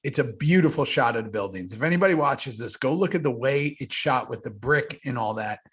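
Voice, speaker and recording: A man co-hosting a podcast, telling animated stories in casual chat and swearing freely. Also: medium pitch, brisk, slightly rough. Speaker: podcast co-host.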